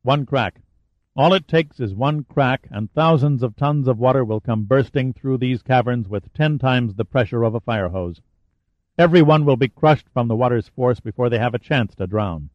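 A man voicing a tough male military hero who talks in a dry, sardonic, steady way, on a dry, slightly dull recording. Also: mid-range voice, normal speed, no echo, close to an everyday voice. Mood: defiant.

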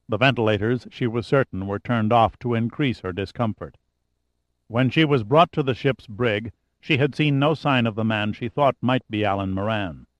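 A man reading a novel aloud in steady, measured scripted narration. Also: medium pitch, dry recording. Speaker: audiobook narrator. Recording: dry, slightly dull audiobook recording.

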